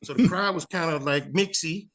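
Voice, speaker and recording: Speaking at normal speed in a slightly high voice, a Chicago-accented man in his fifties, a comedian, spins a lengthy tale in an interview. He performs it with animation, imitating each character's voice.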